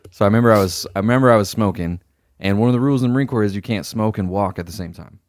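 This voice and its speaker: Fast-talking deep-voiced man telling stories. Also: no room sound, clean studio sound. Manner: animated storyteller, swears freely, acts out quoted superiors. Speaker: podcast co-host. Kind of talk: casual chat, storytelling.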